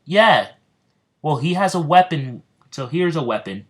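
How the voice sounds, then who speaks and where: A man's voice: on the high side, lively intonation, measured pace, fairly bright tone, pitched above the performer's own voice. A man voicing a carefree, fight-loving male martial-arts hero who talks bluntly and simply. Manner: blunt, simple, matter-of-fact.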